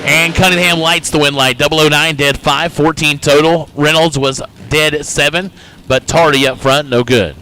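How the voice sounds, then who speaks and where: Bright-voiced announcer with an Indiana accent. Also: male voice, fairly high pitch, fairly even intonation, a little hiss or hum. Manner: brisk, joking play-by-play. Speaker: race announcer. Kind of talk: live drag-racing commentary. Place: announcer booth at a racetrack.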